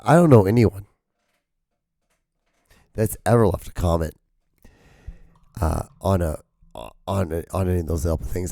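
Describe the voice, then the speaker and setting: A man with a worn, hoarse voice rambles through a solo comedy podcast, cursing casually and joking as he goes. His tone is mellow and the recording is close and dry. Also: medium pitch, dry recording. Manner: rambling, profane, jokey. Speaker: podcast host.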